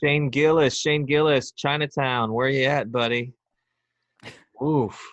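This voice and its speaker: A man's voice: mid-range voice, level tone, slow pace, a bit bright, dry recording, dull audio. A man as a podcast guest in casual chat, joking and rambling with lots of restarts.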